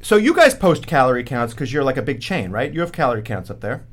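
A man hosting a talk show, joking and punning with his guests in a lively, teasing banter. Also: medium pitch, fast talker. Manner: wisecracking, punning, animated. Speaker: host.

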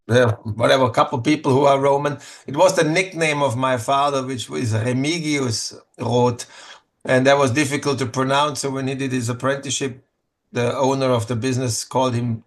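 German-accented man chatting easily. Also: medium pitch. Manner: easygoing, chatty, laughs easily, loose restarts. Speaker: winemaker guest. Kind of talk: casual interview chat.

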